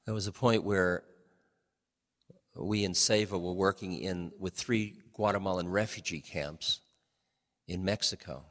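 Deep-voiced older man giving a talk. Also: fairly bright tone. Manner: laughing, unhurried storyteller, shifting pace. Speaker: speaker on change and spirituality. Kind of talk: storytelling talk to an audience. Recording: long hall reverb.

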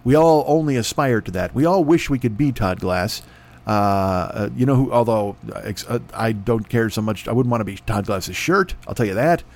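A man's voice: fairly low pitch, moderate pace. A man hosting a comedy podcast, riffing through a profane, rambling ad read with a dry throat and mock announcer voices. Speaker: podcast host.

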